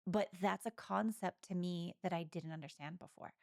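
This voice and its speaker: A woman with a fairly low voice and a gravelly fry talks openly and reflectively, as if in a close conversation. Her voice is recorded dry, with no room sound around it. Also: steady tone, normal speed, darkish tone, no echo. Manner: open, reflective, candid. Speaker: podcast co-host. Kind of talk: intimate conversation.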